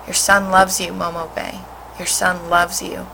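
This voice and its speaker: A woman voicing a gentle, loyal young boy soldier in a storybook, speaking softly and earnestly. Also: on the low side, flat delivery, unhurried, gravelly, slight background noise, full character voice, low-quality recording. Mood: grieving.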